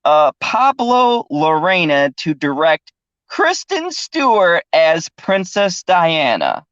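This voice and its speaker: A man's voice: on the high side, big pitch swings, slow, fairly bright tone, smooth, dry recording. A man hosting a casual podcast chat, laughing often and cursing freely. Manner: laughs often, loose and profane. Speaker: host. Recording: dull, dry lo-fi recording.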